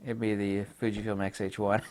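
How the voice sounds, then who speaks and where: A man giving an off-the-cuff camera review, blunt and jokey, jumping from loud outbursts to low mutters. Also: expressive, unhurried.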